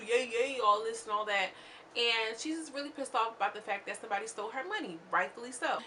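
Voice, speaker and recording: Bright, chatty woman recapping TV. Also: medium pitch, slight background noise. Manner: chatty and slangy, animated retelling. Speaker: channel host. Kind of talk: casual reality TV recap.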